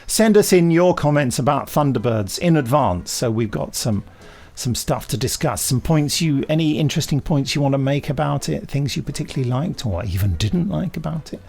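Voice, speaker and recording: A man hosting a podcast in a brisk, wry, casual presenter manner. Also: medium pitch, expressive, gravelly, a little mellow. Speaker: podcast host. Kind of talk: casual chat.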